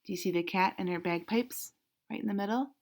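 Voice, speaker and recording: A woman reading a picture book aloud to children, animated and interactive, asking questions about the pictures. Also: mid-range voice, a little fast, gravelly.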